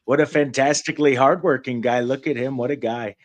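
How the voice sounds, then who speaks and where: A man's voice: medium pitch, steady tone, fairly quick, natural voice. A man doing an impression of a brash, boastful older politician inside a story he tells over a video call. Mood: fawning. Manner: bragging, exaggerated praise.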